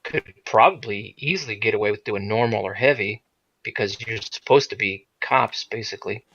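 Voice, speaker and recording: A man playing a tabletop game, making low-key remarks over a dull, lo-fi microphone. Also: moderate pace, a bit bright, slight background noise. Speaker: player. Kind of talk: casual tabletop game chat. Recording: dull, dry lo-fi mic.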